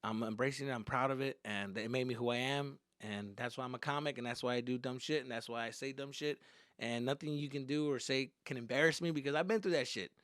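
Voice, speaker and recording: A man who is a comedian and podcast host, telling stories in an animated, profane, casual way. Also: mid-range voice, fast talker, no echo, clean studio sound. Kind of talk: comic storytelling.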